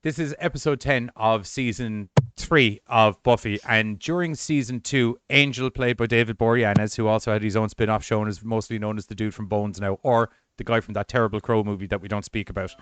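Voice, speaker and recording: A man telling a long, profane, sarcastic recap on a podcast group chat. His voice is smooth and resonant, the recording close and dry. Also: fairly low pitch, steady tone, fast, few pauses, a bit bright, no room sound. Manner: rambling, profane, sarcastic storytelling. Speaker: podcast co-host.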